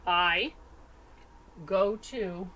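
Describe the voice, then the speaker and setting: A woman teaching a recorded class lesson, animated and sing-song, calling on students by name in a classroom. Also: medium pitch, extremely slow. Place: classroom with whiteboard.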